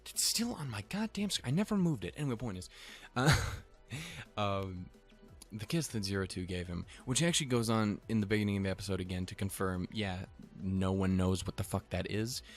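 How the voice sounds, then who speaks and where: Low-voiced man rambling through an anime recap. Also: lively intonation, fairly quick, faint music behind. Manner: rambling, profane, chuckling asides. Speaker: anime reviewer. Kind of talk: casual episode recap commentary.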